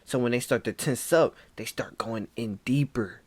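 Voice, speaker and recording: A young man casually telling a spooky dream story, acting out lines with sudden whispers and shouts and calling the listener "bro". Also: mid-range voice, husky, dry recording. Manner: slow, dramatic, acts out quoted lines with whispers and shouts.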